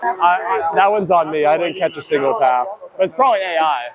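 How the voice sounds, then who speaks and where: A man's voice: on the high side, animated, a little fast, a loud crowd. A young man from Ohio, a college hockey player out of breath, chatting and joking in a rambling, self-mocking way through a body mic at an indoor rink. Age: young adult. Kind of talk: casual mic'd-up practice commentary. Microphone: wireless body mic worn while skating. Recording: noisy rink ambience.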